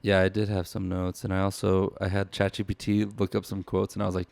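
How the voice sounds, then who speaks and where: A man's voice: low-pitched, monotone, fairly quick, gravelly, a little mellow, no echo. A young man hosting a casual book podcast, rambling with fillers and teasing his partner. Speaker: podcast host. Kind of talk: casual chat about a book.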